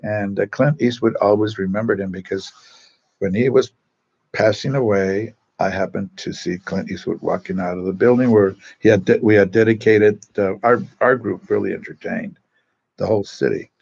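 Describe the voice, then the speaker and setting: Chatty, gravelly-voiced priest. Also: male voice, lowish voice, steady tone, moderate pace, darkish tone, dull audio. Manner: chatty and digressive, full of asides. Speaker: Catholic priest. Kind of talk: casual storytelling talk to a parish group. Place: church.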